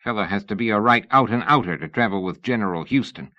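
A man's voice: on the low side, fast, bright, forceful tone, no room sound, lo-fi sound. A man reading the lines of a streetwise, blunt rogue. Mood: gruff. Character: cocky streetwise London man, gruff and blunt.

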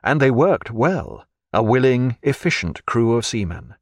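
Guy narrating an audiobook, lively up-and-down voice, dry close sound. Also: mid-range voice, unhurried, no echo. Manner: expressive storytelling reading. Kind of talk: scripted narration.

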